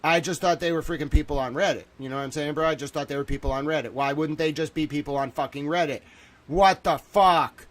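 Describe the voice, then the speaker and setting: A man's voice: fairly high pitch, fairly even intonation, quick pace, few pauses. A man in his thirties hosting a livestream, panicked and swearing, exclaiming and repeating himself as he talks to his viewers. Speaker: livestream host. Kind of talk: agitated livestream monologue.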